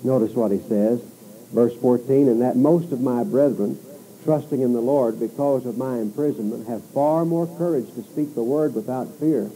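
A man's voice: medium pitch, moderate pace, mellow, low-quality recording. A man preaching an expository sermon, reading scripture with rising emphasis and turning to the listeners with conversational asides and rhetorical questions.

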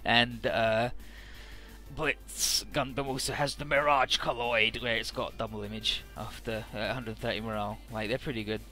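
A man casually recapping a video game story, rambling with filler words and quick character voices. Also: medium pitch, steady tone, sharp tone, faint music behind. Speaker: let's play narrator.

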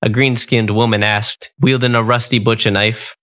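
Guy reading a goofy fairy tale audiobook, first person, breezy and deadpan, bright clear voice. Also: medium pitch, moderate pace, hardly any pauses. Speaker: audiobook narrator. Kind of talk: first-person comic storybook narration.

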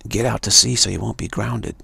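A man's voice: lowish voice, fairly even intonation, brisk, gravelly, sharp tone, husky, no room sound. A man giving an emphatic, repetitive live-streamed monologue, warning his listeners again and again. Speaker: speaker of a live-streamed show.

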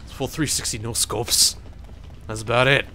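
A man's voice: medium pitch, fairly even intonation, normal speed, pushed and bright, slight background noise. A young man giving casual, rambling let's-play commentary, joking and laughing as he plays. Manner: rambling, jokey, laughs often.

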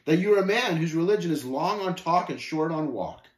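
A man's voice: fairly high pitch, moderate pace, reverberant, close to an everyday voice. A man reading aloud and voicing a plain-spoken, earnest male pilgrim who speaks matter-of-factly. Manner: steady, matter-of-fact, earnest.

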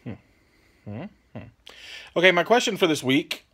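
A man's voice: on the high side, big pitch swings, moderate pace, a bit bright, breathy edge. Laid-back man rambling. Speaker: channel host answering viewer questions. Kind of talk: casual vlog Q&A.

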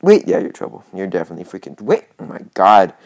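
A woman giving let's-play commentary, excitable and casually swearing, with lots of repeated phrases. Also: a bass voice, quick pace. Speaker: gaming channel host.

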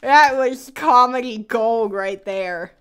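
A woman's voice: fairly high pitch, takes it slowly, clean tone. A woman streamer in casual gaming chat, playful with dramatic outbursts and giggles.

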